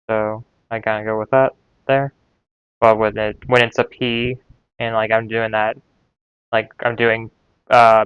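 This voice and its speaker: Unhurried male learner musing to himself, hesitant and trailing off, crisp clear voice. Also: medium pitch, a bit bright, no echo, muffled recording. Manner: hesitant, trails off, repeats syllables aloud. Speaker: language learner. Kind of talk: casual thinking aloud while studying.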